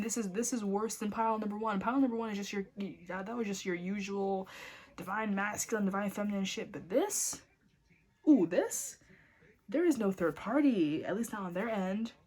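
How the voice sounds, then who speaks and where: A woman giving a casual tarot reading in a blunt, excitable way, cursing often. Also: mid-range voice. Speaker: tarot reader.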